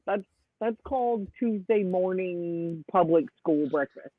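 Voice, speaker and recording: A man's voice: high-pitched, measured pace, no room sound. A man hosting a live stream in casual chat, talking at length and laughing often. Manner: chatty, laughs often, animated storytelling. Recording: dry tinny phone-like sound.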